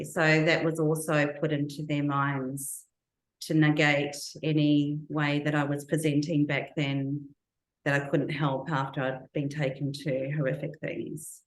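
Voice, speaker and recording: A woman's voice: sits low, little pitch movement, measured pace, reverberant, poor audio. A woman as an interview guest, giving earnest, reflective personal testimony full of recalled detail.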